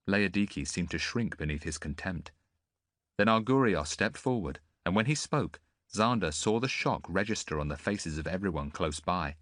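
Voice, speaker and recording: A male narrator reads an audiobook in a deep voice with lively, shifting intonation. The recording is dry and close. His delivery is expressive and varied. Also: normal speed, no echo.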